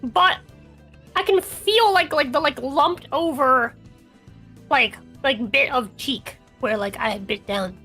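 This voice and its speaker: A woman's voice: sits high, takes it slowly, sharp tone, faint music behind. A woman co-hosting a casual podcast, crude and rambling, talking with her mouth full. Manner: crude, rambling, laughs often. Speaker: podcast co-host.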